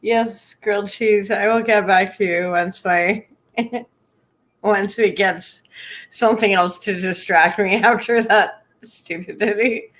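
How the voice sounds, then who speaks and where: A woman's voice: mid-range voice, fairly even intonation, slow, a bit bright. A woman live-streaming in casual chat, often laughing through her words.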